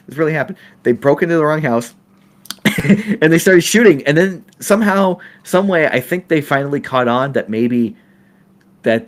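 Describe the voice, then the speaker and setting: A middle-aged man hosts a casual podcast and tells stories from film sets. He laughs often and restarts his sentences as he goes. His pitch swings widely. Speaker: podcast host. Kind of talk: casual storytelling.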